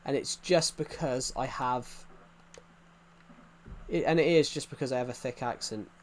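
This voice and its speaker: A man's voice: mid-range voice, measured pace, a little hiss or hum. A young man chatting casually while livestreaming a game, rambling and poking fun at himself. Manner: rambling, self-mocking, easily sidetracked. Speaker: gaming livestreamer.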